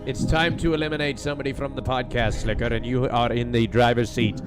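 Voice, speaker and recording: A man's voice: medium pitch, little pitch movement, a little fast. A man hosting a podcast elimination game, calling turns and breaking up arguments over an online call. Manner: breaks up shouting matches, calls turns. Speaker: podcast host. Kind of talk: casual chat, game-show hosting. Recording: music playing underneath.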